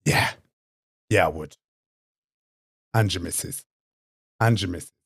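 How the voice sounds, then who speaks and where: A man's voice: low-pitched, unhurried, vocal fry, fairly bright tone, breathy edge, dry recording, studio quality. A man trading brash, sweary, mocking insults during a livestream battle. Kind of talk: taunting livestream banter.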